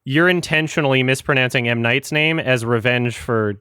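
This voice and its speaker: A man's voice: mid-range voice, moderate pace, bright, forceful tone, smooth, no room sound, studio quality. A man co-hosting a podcast, telling a rambling story in casual chat, laughing often and restarting sentences. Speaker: podcast co-host.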